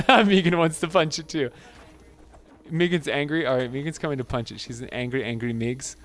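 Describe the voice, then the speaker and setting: A man's voice: fairly high pitch, steady tone, moderate pace, fairly bright tone. A man hosting a gaming channel, giving casual gameplay commentary in an amused, chatty way and laughing often.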